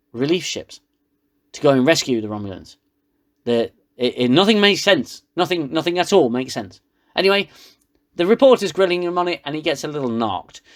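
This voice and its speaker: A man with a British accent giving a sarcastic, rambling comedic recap of a TV episode. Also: medium pitch. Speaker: reviewer.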